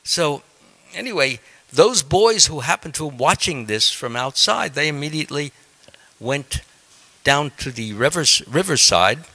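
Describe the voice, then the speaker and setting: A male monk retells a scripture story in a class, stopping and restarting often. His voice is bright and forceful and sits slightly high, and his pitch rises and falls in an animated way. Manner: halting, with frequent ums and restarts.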